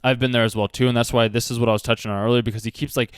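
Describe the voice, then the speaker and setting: A man talks quickly about an anime, drifting into earnest advice and leaning on "like" constantly. His voice is clean and smooth, recorded dry and close with no room sound. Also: medium pitch, level tone, no echo. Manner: rambling, earnest, heavy use of "like". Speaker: anime reaction host. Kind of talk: casual commentary with life advice.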